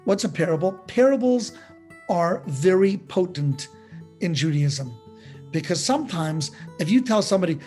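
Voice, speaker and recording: A man, a rabbi teaching a class, telling a parable in a lively, conversational way and putting questions to his listeners. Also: high voice, normal speed, soft background music. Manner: animated storyteller who acts out dialogue; conversational, asks the audience questions.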